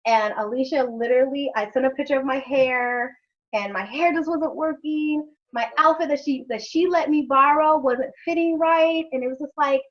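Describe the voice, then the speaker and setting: A woman's voice: high-pitched, normal speed, muffled recording. A woman hosting an interview, talking frankly and emotionally, with some salty language. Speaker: host. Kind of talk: candid conversational interview.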